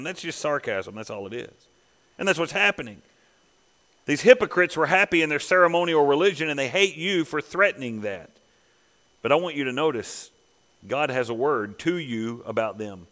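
A man preaching a sermon as pastor, swelling to emphatic peaks and dropping to quiet asides. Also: mid-range voice, lively intonation, normal speed, long reverb tail. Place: church sanctuary.

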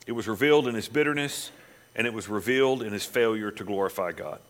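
A man preaching a sermon, reading scripture dramatically and dropping to quiet, pointed asides. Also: on the low side, fast.

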